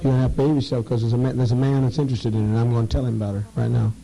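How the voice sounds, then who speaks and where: A man leading a program and addressing a group informally, halting and repeating words for emphasis. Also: mid-range voice, flat delivery, creaky, dark tone, rough recording.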